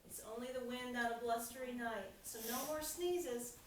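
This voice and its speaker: A woman voicing a big, mild male bear who speaks slowly and sounds bewildered, in a storybook reading. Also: fairly high pitch, a little hiss or hum, close to an everyday voice. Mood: reassuring. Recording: echoey room, mic far off.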